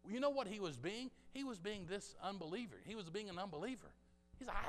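Soft music plays behind a man who preaches quickly and animatedly in a high voice, talking straight to the congregation with jokes and asides. He is in a church sanctuary, and the recording has a long hall reverb.

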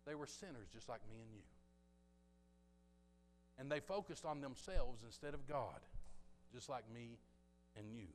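A man's voice: medium pitch, measured pace, pauses often, slight background noise. A man preaching a sermon in a chatty, joking way, talking straight to the congregation in a church. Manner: conversational, jokey preaching with asides to the congregation. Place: church sanctuary. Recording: long hall reverb.

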